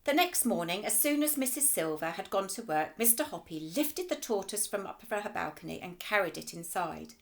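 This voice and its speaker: A female teacher reading a children's storybook aloud in an expressive, lively way. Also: medium pitch, moderate pace, hardly any pauses.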